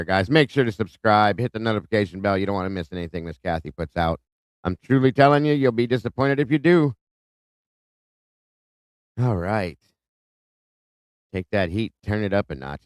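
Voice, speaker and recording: A man's voice: low voice, lively intonation, normal speed, clean tone, dry recording. A man hosting a live stream, casually greeting viewers by name and reading their comments aloud. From Ohio. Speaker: livestream host. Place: home in Ohio.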